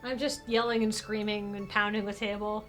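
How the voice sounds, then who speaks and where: A young adult woman doing live game-stream commentary, excitable, with loud outbursts and free swearing. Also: mid-range voice, normal speed, faint music behind.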